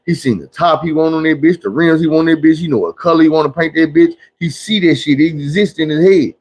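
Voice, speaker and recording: A man's voice: a little high, quick pace, darkish tone, husky. A man on a livestream giving blunt, preachy street talk in a casual monologue, acting out the people he quotes. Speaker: livestream host.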